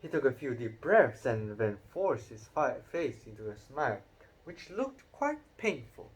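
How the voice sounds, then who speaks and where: Slow expressive male storyteller. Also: mid-range voice, husky. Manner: unhurried, expressive, occasional stumbles. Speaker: audiobook narrator. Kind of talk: storybook read-aloud narration.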